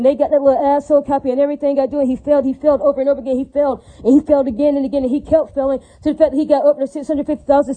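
A woman's voice: sits high, mellow, rough recording. A woman in an unscripted rant, repeating herself, swearing and breaking into religious praise. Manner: fast, repetitive, profane and indignant, with religious praise.

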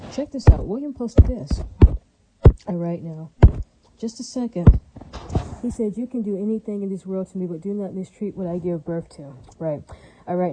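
Woman, lowish pitch, very dark, mellow tone; rambling profane monologue. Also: slight background noise, low-quality recording. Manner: emphatic, profane, repetitive.

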